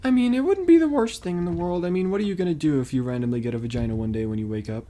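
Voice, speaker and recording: A man's voice: a little high, animated, very fast, dark tone, a little hiss or hum. A man co-hosting a casual podcast chat, laughing often and joking around. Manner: giggly, laughs often, jokey and silly. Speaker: podcast co-host.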